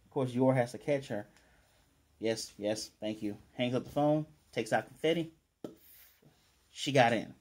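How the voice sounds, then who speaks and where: Man, anime review host, casual recap, warm mellow tone, lively quoting. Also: medium pitch. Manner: animated, quotes characters in quick paraphrase.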